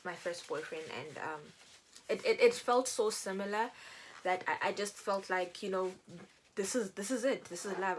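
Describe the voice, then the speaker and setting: A woman's voice: fairly low pitch, slight background noise, poor audio. Chatty young woman telling a story. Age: young adult. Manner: chatty, animated, acts out quoted people. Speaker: beauty vlogger. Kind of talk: casual storytelling while doing makeup.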